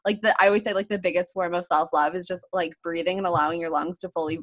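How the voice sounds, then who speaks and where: An animated young woman chats casually on a podcast. She tells stories with lots of laughter and casual swearing. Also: lowish voice, fast talker. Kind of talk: casual chat.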